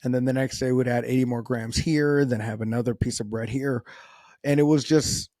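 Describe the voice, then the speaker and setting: A man's voice: medium pitch, steady tone, normal speed, a little mellow, no room sound, studio quality. A man hosting a solo podcast, talking casually in a rambling, self-deprecating way with frequent restarts. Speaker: podcast host.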